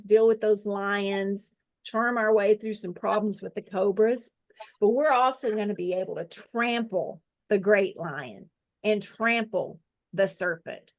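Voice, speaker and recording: Slow-speaking woman leading a Bible lesson. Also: medium pitch. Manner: slow, deliberate dictation, repeating phrases; friendly, laughs at herself. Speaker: Bible study teacher. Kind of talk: guided scripture lesson with drawing.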